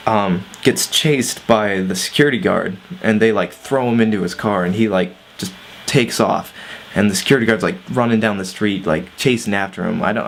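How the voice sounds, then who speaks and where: Low-voiced man telling a story, swearing. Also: vocal fry, slight background noise. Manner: laid-back, swears, lots of fillers. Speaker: vlogger. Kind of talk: casual storytime vlog.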